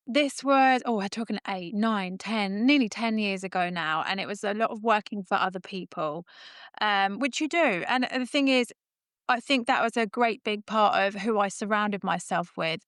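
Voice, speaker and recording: Woman, thirties, lively storyteller, laughs a lot, dry close sound. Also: mid-range voice, moderate pace, smooth, no room sound. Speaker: roofer and business owner, guest. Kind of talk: casual interview chat. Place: podcast recording.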